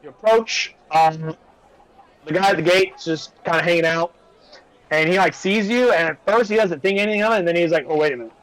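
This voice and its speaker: A man's voice: sits high, brisk, a bit bright, poor audio. A man narrating a tabletop game as game master, casual and rambling with many fillers.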